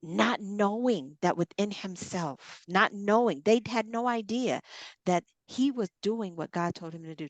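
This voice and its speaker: A woman's voice: mid-range voice, a little slow, no echo. A woman hosting a ministry talk, animatedly acting out scripture scenes as she speaks. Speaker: ministry podcast host. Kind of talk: faith talk.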